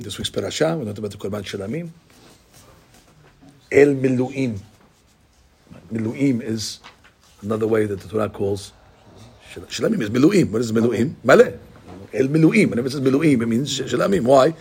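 A man teaching a Talmud class in an animated, repetitive way, dropping Hebrew and Aramaic terms into his speech. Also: medium pitch, normal speed, pauses often, slightly rough. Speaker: Torah teacher.

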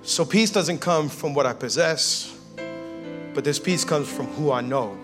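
High-voiced animated male pastor preaching. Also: a little slow, music in the background. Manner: animated, acts out everyday scenes and voices; calls for audience response. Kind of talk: sermon.

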